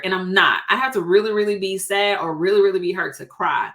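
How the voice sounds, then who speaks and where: A woman's voice: medium pitch, fast talker, fairly bright tone. A woman in her thirties, a realtor co-hosting a casual chat, talking openly and laughing often. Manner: chatty, laughs often, acts out quoted dialogue. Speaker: co-host, realtor.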